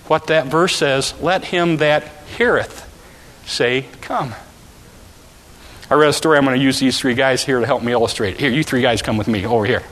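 A man preaching a sermon, telling a story with volunteers and shouting out the characters' calls. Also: medium pitch, moderate pace. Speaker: pastor. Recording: long hall reverb.

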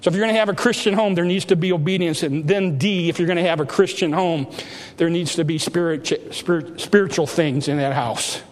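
High-voiced preacher in a reverberant hall. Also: male voice, fairly quick. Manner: emphatic preaching with rising exhortations. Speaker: pastor. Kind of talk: sermon. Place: church sanctuary.

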